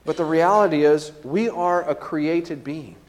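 A man's voice: on the high side, a little slow, big-room sound. A man preaching a sermon as pastor, in a conversational way with frequent tag questions and fillers.

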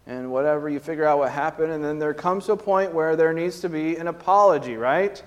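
A man's voice: fairly high pitch, fairly even intonation, fairly quick, few pauses, in a large hall. A man preaching a sermon as pastor, in a conversational way with frequent tag questions and fillers.

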